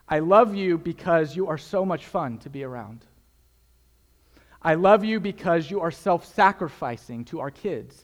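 A young man delivers a sermon as pastor, speaking earnestly and emphatically. He repeats his key phrases for effect, and his fairly high voice rings out with a long reverb through a large church hall.

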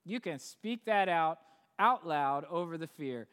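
A man's voice: on the high side, expressive, measured pace, fairly bright tone, smooth. A man preaching a sermon as pastor, talking conversationally and building to emphatic peaks. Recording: long hall reverb.

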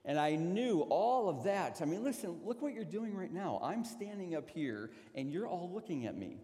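Male preacher, dramatic storyteller with wide pitch swings, warm tone, hall echo. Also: big pitch swings, moderate pace. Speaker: pastor. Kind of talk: sermon. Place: church sanctuary.

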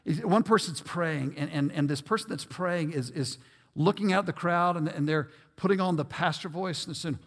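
High-voiced guy preaching, earnest, keeps repeating words, big echoey church hall. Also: moderate pace, a bit bright. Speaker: pastor. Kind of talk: sermon. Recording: long reverb of a large hall.

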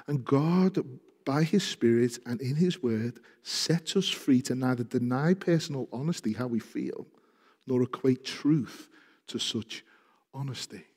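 Impassioned man preaching in a reverberant hall. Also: medium pitch. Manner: impassioned preaching, rising loud when reading scripture. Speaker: pastor. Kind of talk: sermon.

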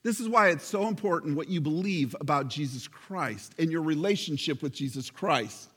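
A male pastor preaching a sermon with emphatic, slowly stressed phrases. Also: a little high, expressive, fairly bright tone, breathy edge, long reverb tail.

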